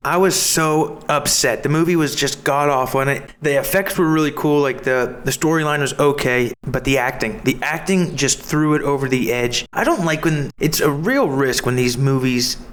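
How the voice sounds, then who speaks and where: A man's voice: mid-range voice, normal speed, hardly any pauses. A man in his thirties co-hosting a podcast over a call, chatting casually and telling stories with frequent laughter. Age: 30s. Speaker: podcast co-host. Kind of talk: casual chat. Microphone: remote call.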